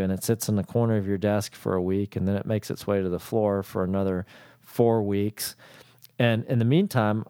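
Low-voiced guy, a cpa, talking straight to business owners, acting out the calls, dry sound. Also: mellow, no echo. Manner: acts out both sides of client calls, conversational and blunt. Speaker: CPA and accounting firm owner. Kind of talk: casual talk to small business owners.

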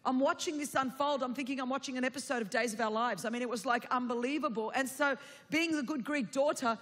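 A woman's voice: high voice, fast, a bit bright, in a large hall. A woman, telling a personal story from the pulpit in a chatty, humorous sermon. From Australia. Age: 40s. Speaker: preacher.

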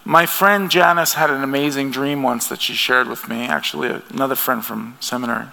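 Gravelly, bright-voiced man preaching in a hall. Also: medium pitch, steady tone, brisk. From United States. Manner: earnest, conversational preaching with restarts. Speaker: pastor. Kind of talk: sermon. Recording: long hall reverb.

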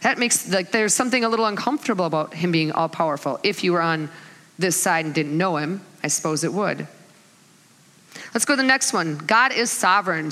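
Animated woman preaching in an echoey hall. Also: medium pitch. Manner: animated storytelling with laughs and acted-out voices. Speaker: speaker at a church talk. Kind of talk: sermon.

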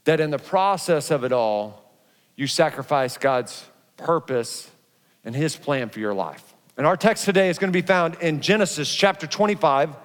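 A middle-aged man preaching a sermon, animated, acting out his stories with frequent restarts. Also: fairly high pitch, normal speed. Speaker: pastor. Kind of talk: sermon with personal storytelling. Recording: long reverb from a large hall.

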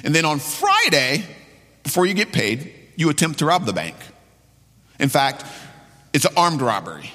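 A man preaching with a fairly high, very animated voice that swoops up and down. He hammers his points home by repeating them. His words ring out with a long reverb, as in a big sanctuary. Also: normal speed, pauses often. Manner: emphatic, repeats key phrases for effect. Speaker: pastor. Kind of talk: sermon.

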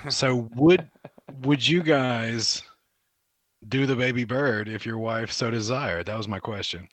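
A man's voice: medium pitch, measured pace, a bit bright, no room sound. A young adult man co-hosting a casual podcast chat, joking and rambling with fillers. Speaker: podcast co-host.

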